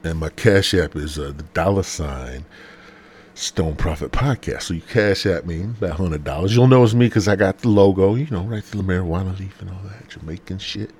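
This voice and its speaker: Husky, low-voiced crude podcast host. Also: male voice, normal speed, a little mellow. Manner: rambling, crude, laid-back. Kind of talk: profane comedy monologue.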